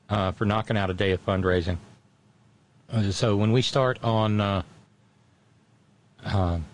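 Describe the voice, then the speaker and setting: A man's voice: on the low side, a little hiss or hum. Stammering chatty male radio host. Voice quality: halting, stammering restarts. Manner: chatty storyteller, wry and self-deprecating. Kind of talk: casual on-air chat.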